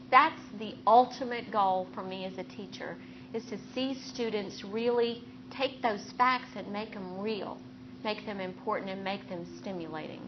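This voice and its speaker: A woman neurosurgeon giving a faculty lecture on clinical teaching, explaining her approach in an earnest, steady way with personal anecdotes. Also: medium pitch, dull audio, background noise.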